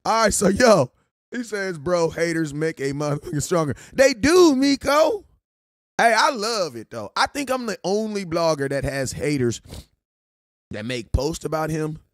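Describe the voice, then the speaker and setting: A young man talking fast and loose on a sports stream, his voice riding high and swinging widely. He jokes and laughs through the rant, and the sound is close and dry. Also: no echo. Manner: animated, laughing, joking. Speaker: sports vlogger. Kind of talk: casual livestream rant.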